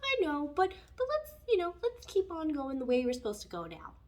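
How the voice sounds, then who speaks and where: A woman voicing the universe as a patient, gently coaxing figure, sweet and sing-song. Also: high voice, wildly swooping pitch, fairly quick, voice pushed up. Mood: gentle coaxing.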